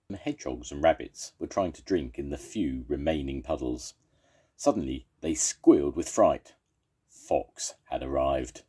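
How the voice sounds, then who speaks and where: Grandad reading a kids story, deep husky voice, slow but lively. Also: male voice. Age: older. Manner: gentle, expressive storytelling. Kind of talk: children's story read aloud.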